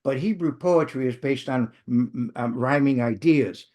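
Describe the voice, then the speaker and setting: A man's voice: mid-range voice, moderate pace, warm tone. A man teaching a Bible study who checks in with his listeners and often stumbles, restarts and corrects himself as he goes. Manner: many restarts and self-corrections, engaging; checks in with the audience.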